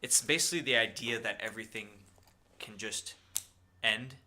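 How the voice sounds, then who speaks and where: Young male podcast co-host, bright voice, casual rambling chat. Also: fairly low pitch, normal speed. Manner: rambling, lots of fillers and impressions.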